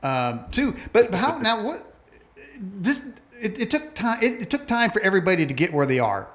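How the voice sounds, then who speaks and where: A male talk show host chats with a guest in a homespun, cowboy-flavored way. His voice sits fairly high for a man. He talks easily and plainly, loose and friendly in his phrasing. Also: very animated, normal speed, a bit bright. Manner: folksy, self-described cowboy talk. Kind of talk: casual interview chat.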